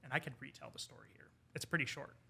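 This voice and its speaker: A man, an English professor, telling a folk tale in casual conversation over wine, animated and quoting the characters. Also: mid-range voice, fast talker, gravelly, crowd noise. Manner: animated retelling with quoted character lines. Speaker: podcast guest, English professor.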